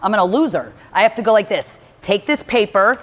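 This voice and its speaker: A woman hosting a motivational talk, animated and acting out what other people say. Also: medium pitch, a little fast, in a large hall. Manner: animated, acts out quotes from others. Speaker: host.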